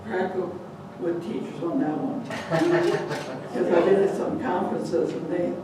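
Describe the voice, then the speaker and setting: Older woman, live storyteller, animated, chatty, mixes in Spanish words, distant mic, big echoey hall. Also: lowish voice, slow, noisy background.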